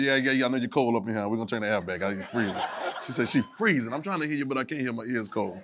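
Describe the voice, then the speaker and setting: A man preaching a sermon to a congregation, calling for responses and swinging between soft asides and shouted, sung phrases. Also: medium pitch, lively intonation, rapid-fire, crowd noise, noisy background. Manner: Southern Black church vernacular, drops verbs. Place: church sanctuary.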